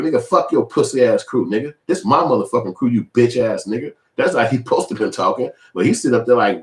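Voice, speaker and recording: A man in his forties giving casual, profane commentary, animated and switching into high mimicking voices. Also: fast, few pauses, echoey room. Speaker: video commentator.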